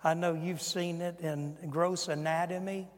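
An older male pastor in his sixties delivers a sermon in a high, ringing voice. He preaches with force, pushing his voice up when quoting and dropping it low and quiet for asides. His words trail off into the long reverb of a large sanctuary. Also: flat delivery, a little slow.

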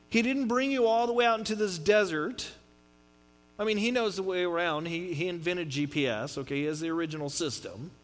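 Joking, high-voiced male pastor. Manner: conversational and joking, with wide swings in loudness. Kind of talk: sermon.

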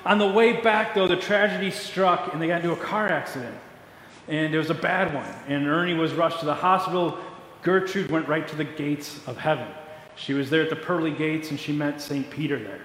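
Male pastor, casual sermon, joking, fairly high voice, roomy hall, faint noise. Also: a little fast, a bit bright.

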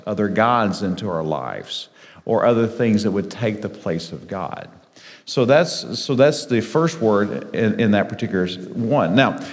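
A man teaching a Bible study, explaining scripture and reading passages slowly and deliberately, with some self-correcting restarts. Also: medium pitch, big-room sound.

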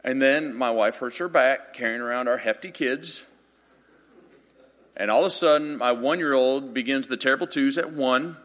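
A man in his thirties preaching a sermon, telling funny stories about himself and building up to loud, emphatic passages. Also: medium pitch, normal speed. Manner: animated storytelling with self-deprecating humor, building to loud emphatic passages. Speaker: pastor. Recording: long reverb of a large hall.

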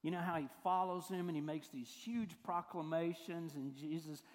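A man's voice: a little high, fairly even intonation, normal speed. A male pastor, giving a conversational sermon full of acted-out quotes. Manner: conversational storytelling, acts out quoted voices. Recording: hall reverb.

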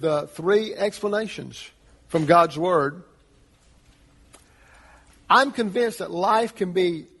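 Pastor, male, high voice; earnest sermon delivery full of rhetorical questions, recorded in a reverberant church hall. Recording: long reverb of a large hall.

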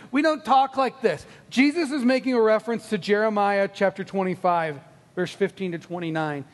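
A man preaching a sermon, telling a Bible story with animated, acted-out quotes and frequent laughter. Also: high voice, creaky, in a large hall.

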